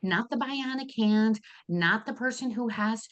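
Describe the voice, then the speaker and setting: A woman in her fifties, a guest in a casual interview, who talks in an animated way, often restarts her sentences and laughs easily. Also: fairly high pitch, a little slow, highs cut off. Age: 50s. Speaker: guest, therapeutic riding founder.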